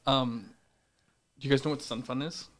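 Man, casual podcast chat, blunt, low-key, quick to laugh, everyday voice. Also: steady tone, fairly bright tone. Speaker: podcast co-host.

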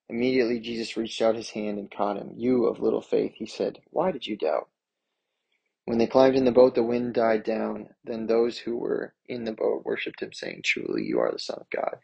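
A man's voice: on the low side, vocal fry, a little mellow, husky, rough recording. A man preaching a sermon, reading scripture aloud and then explaining it in an earnest, plain way. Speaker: pastor.

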